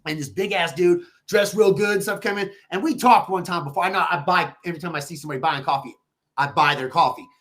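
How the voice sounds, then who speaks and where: A man with a high voice, talking as a podcast guest. He tells stories in a loose, animated way and swears freely. He slips into lively voices when he quotes people. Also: fast. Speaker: podcast guest, real estate agent. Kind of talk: casual podcast interview.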